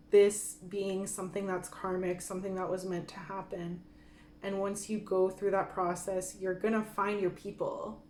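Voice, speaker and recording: A woman giving a gentle pick-a-card tarot reading who gets openly emotional and laughs softly. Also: mid-range voice, a little hiss or hum. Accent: Michif-speaking Métis greeting and French sign-off. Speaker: tarot reader. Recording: echoey room with faint ambience.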